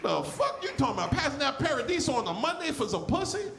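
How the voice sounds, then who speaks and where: High-voiced lisping comedian in his forties. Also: big pitch swings, fast talker, gravelly, echoey room, soft background music. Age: 40s. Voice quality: lisp. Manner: loud, crude, often shouting at the crowd. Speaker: stand-up comedian. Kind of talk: stand-up comedy set. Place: comedy club stage.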